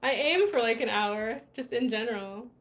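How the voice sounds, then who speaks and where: A livestream host from the USA speaks at a normal speed in a slightly high, somewhat bright voice. Travel-weary and indoors in Morocco, she laughs often as she casually reads out viewer comments.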